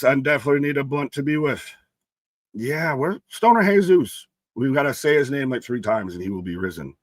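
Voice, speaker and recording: A man's voice: mid-range voice, no echo. A young man co-hosting a live wrestling stream, chatting casually and reading out viewer comments by name. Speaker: co-host of a live wrestling watch-along stream.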